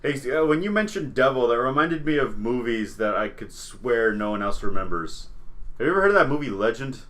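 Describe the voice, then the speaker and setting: A man's voice: mid-range voice, animated, brisk, a bit bright. A man co-hosting a casual podcast, making dry, offhand jokes. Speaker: podcast co-host.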